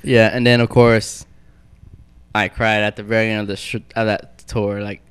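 Guy w a low smooth voice, casual podcast chat, tells stories and does the voices. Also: normal speed. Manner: animated storyteller, acts out quotes. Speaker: podcast guest.

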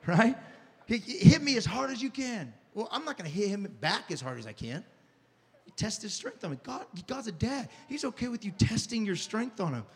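A pastor preaching a sermon as an animated storyteller who swings from hushed confessions to shouting and often repeats and restarts his words. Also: sits high, long reverb tail.

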